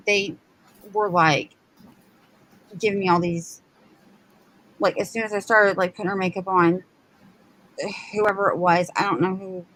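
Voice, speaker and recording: A woman's voice: on the low side, a bit bright, low-quality recording. A woman, telling a personal story in casual chat and acting out quotes. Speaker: live show co-host.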